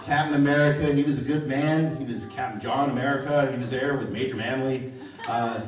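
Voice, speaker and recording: On stage in a large hall, a middle-aged comedian with a mid-range voice delivers dry stories capped with pun punchlines. The live audience laughs throughout, and the mic sits at a distance in the echoey room.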